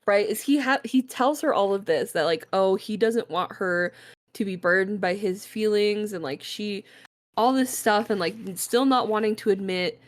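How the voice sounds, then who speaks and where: A woman co-hosting a book club podcast in relaxed, casual chat. Her voice sits in a middle range. She is animated, swears freely and laughs as she retells scenes. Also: medium pitch, normal speed.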